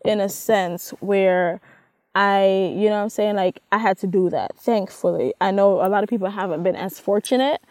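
A woman's voice: mid-range voice, moderate pace, darkish tone, dry recording. A young woman co-hosting a podcast, talking bluntly and profanely in casual chat, laughing often. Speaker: podcast co-host.

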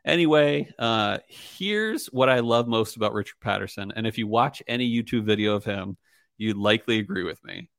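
Low-voiced rambling man host. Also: normal speed, vocal fry, fairly bright tone, no room sound, studio quality. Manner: rambling, filler-heavy, laughs easily. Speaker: podcast host. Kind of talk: casual chat.

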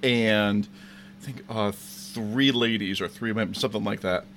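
A man co-hosting a casual podcast, wry and teasing with quick asides. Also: on the low side, steady tone, fairly bright tone, slight background noise. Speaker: podcast co-host. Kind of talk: casual chat.

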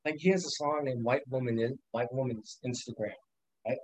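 A young podcast guest talks briskly in a mid-range voice, casually telling wandering, curse-heavy stories while laughing often. The recording is rough, with no room sound.

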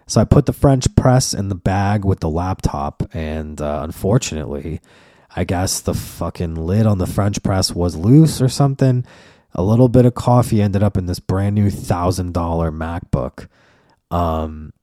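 A man with a low, dark, mellow voice rants emphatically through a casual solo podcast monologue, swearing freely. The sound is dry and close. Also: no room sound. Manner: profane, emphatic ranting. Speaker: podcast host and comedian.

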